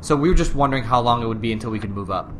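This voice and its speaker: A man's voice: medium pitch, racing, background noise. A man co-hosting a comedy podcast in an easygoing, chummy way. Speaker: podcast co-host. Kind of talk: improvised comedy sketch.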